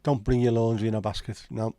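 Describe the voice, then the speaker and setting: A man's voice: mid-range voice, level tone, quick pace, mellow, dry recording. A man with a Liverpool accent hosting a casual livestream chat, rambling and opinionated with frequent swearing. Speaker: livestream host.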